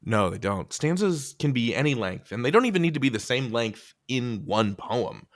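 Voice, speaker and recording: A man co-hosts a poetry lesson with a middling voice that swings widely in pitch. He trades scripted jokes and reads lines of verse with playful energy. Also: moderate pace. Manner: playful, animated reading of verse. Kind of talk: scripted educational banter.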